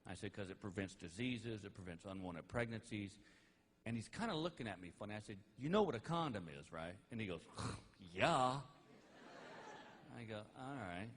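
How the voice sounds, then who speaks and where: A middle-aged man telling stand-up stories about his family in a folksy, animated way, laughing at his own jokes. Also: on the low side, fairly quick. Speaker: stand-up comedian. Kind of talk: stand-up storytelling. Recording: live comedy album with faint noise.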